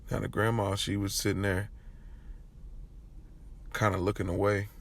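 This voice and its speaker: A man narrating a first-person audio drama in a conversational, halting way, with restarts. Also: lowish voice, level tone, gravelly.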